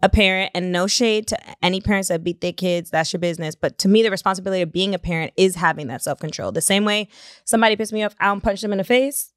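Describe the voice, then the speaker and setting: A woman's voice: medium pitch, fast, no room sound, studio quality. A young woman co-hosting a podcast, chatting casually and telling stories with voiced quotes. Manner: outspoken, storytelling with voiced quotes. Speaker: podcast co-host. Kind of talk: casual group chat.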